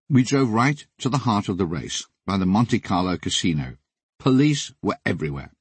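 Brief: husky older man, dry close recording, lively wry memoir delivery. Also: on the low side, moderate pace, no echo. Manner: wry, deadpan comic storytelling. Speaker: memoir narrator. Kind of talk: audiobook memoir narration.

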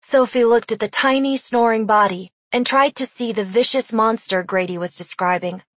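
A woman reading fantasy narration in an even, steady storytelling manner. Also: fairly high pitch, normal speed, no room sound. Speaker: audiobook narrator.

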